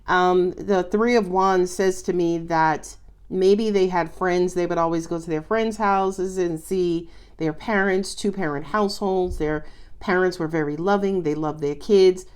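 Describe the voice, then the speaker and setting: Female tarot reader, chatty and expressive, slightly low voice, casual delivery. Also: measured pace, clean tone. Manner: chatty, expressive, exclaims often. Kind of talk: casual spoken tarot reading.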